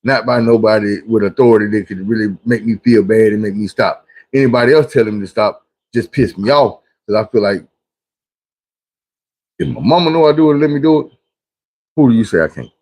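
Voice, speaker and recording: A man hosting a livestream, telling stories in a casual, preachy way, full of cursing, swinging between loud bursts and low mutters. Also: fairly quick. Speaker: livestream host. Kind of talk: casual livestream monologue and storytelling.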